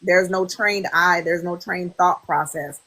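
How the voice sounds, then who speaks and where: Husky woman in her 30s on a podcast, animated storyteller, acts out what people said. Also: on the low side, unhurried, low-quality recording. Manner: animated storyteller, quoting others in lively voices. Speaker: podcast guest. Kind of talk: casual podcast chat.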